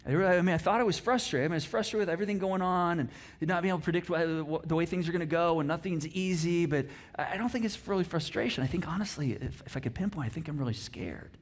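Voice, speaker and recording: A man's voice: a little high, fast, few pauses. A middle-aged man preaching a conversational sermon, acting out example thoughts. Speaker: pastor.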